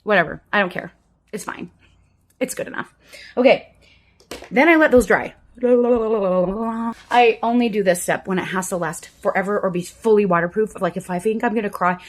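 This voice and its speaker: Chatty, self-deprecating woman in her fifties. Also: mid-range voice. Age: 50s. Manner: frank, chatty and self-deprecating, drifting into soft asides. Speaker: vlogger doing a makeup routine. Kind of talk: casual chat to camera. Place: indoors at her home desk.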